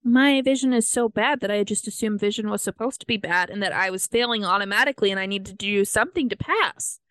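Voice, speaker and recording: A woman's voice: mid-range voice, fast, a bit bright, dry recording. A woman co-hosting a podcast, explaining earnestly in casual chat and quoting conversations. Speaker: podcast co-host.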